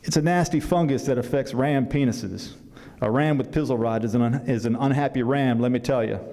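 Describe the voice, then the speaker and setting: A man's voice: mid-range voice, steady tone, brisk, warm tone, close to an everyday voice. A man reading aloud as an old grandfather who is a large animal veterinarian, explaining things in a wry, matter-of-fact way. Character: old grandfather, country large animal vet, dry humor. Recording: long hall reverb.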